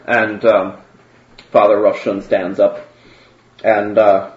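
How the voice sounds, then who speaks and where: A man's voice: on the low side, flat delivery, slow pace. A man narrating as game master, hesitant and full of fillers. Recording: roomy, dull, faint noise.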